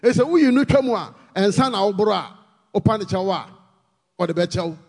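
A man with a Ghanaian accent preaching a sermon, pleading with the congregation and rising to shouted emphasis. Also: high voice, expressive, moderate pace, big-room sound.

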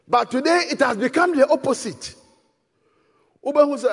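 A man with a Ghanaian accent preaching a sermon, shouting for emphasis and switching between English and Twi, in a hall with long reverb. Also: extremely high pitch, animated, normal speed, pauses often.

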